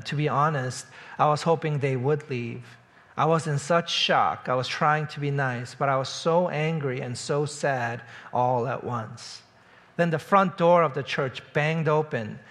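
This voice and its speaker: A man preaching from the pulpit, his voice sitting a little higher than most men's. He tells a long story in a steady, measured voice, then softens as he reaches his closing words. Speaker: pastor. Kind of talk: sermon with read-aloud story.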